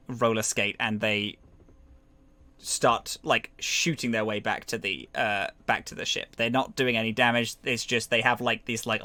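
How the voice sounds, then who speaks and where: A man acting as game master, narrating a tabletop game in an animated way and adding sound effects. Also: fairly low pitch, no room sound.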